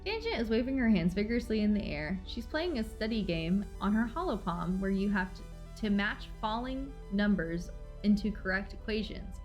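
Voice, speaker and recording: A woman streaming a game live, reading its story aloud and reacting in an expressive, dramatic way, from loud outbursts to low mumbles. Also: moderate pace, muffled recording, soft background music.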